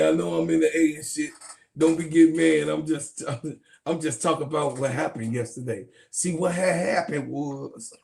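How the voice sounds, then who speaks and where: A man giving loud, profane, joking sports commentary, laughing and calling out to his viewers. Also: on the high side, gravelly. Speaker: sports vlogger. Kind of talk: casual comedic sports commentary.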